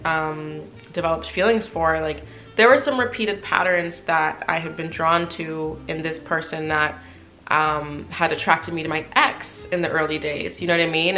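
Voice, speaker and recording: A woman in her late twenties telling a personal story to camera in a casual, chatty way, full of "like" fillers. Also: low voice. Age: late 20s. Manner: chatty, animated, frequent "like" fillers. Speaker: vlogger.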